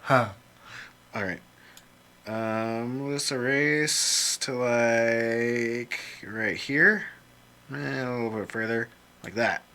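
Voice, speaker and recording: Slow-talking man joking to himself while drawing. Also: medium pitch, sharp tone. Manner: rambling, jokey self-talk with mild swearing. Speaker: illustrator drawing on screen. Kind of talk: casual commentary while drawing.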